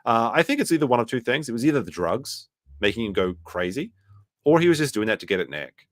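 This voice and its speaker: A man's voice: mid-range voice, big pitch swings, quick pace, dry recording, studio quality. A man hosting a casual commentary stream, reading chat messages aloud and joking about clips.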